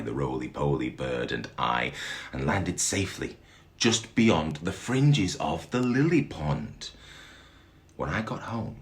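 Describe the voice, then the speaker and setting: A man reading a rhyming story aloud in a dramatic, animated way, chuckling along with it. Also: extremely low pitch, vocal fry.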